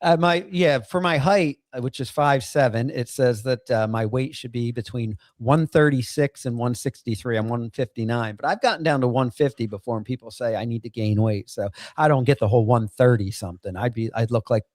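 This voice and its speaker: A man hosting a casual chat show from home, talking in halting bursts with many restarts and fillers, swearing freely. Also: medium pitch, a little mellow, no room sound, studio quality. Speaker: podcast host.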